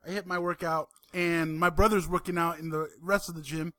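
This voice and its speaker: A man's voice: a little high, steady tone, brisk, fairly bright tone, no echo, clean studio sound. A man co-hosting a podcast, complaining in an exasperated way and repeating himself in casual chat. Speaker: podcast co-host.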